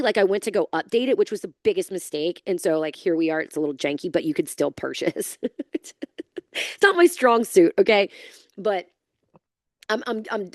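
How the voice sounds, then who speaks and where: Brief: woman, 30s, podcast host, low-pitched, candid, swears and laughs a lot, dry close sound. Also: dry recording. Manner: candid, chatty, swears freely, laughs often. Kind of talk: casual solo podcast chat.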